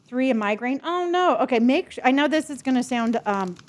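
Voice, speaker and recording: Speaking fairly quickly in a voice on the high side, a woman from California chats on a live stream. A slight Southern lilt colors her otherwise neutral accent as she talks in a friendly way to her viewers and her pets.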